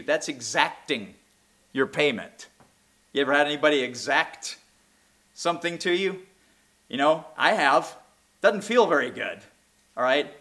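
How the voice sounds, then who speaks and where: A man preaching a sermon, swinging between impassioned near-shouts and low, quiet asides. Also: lively intonation, measured pace.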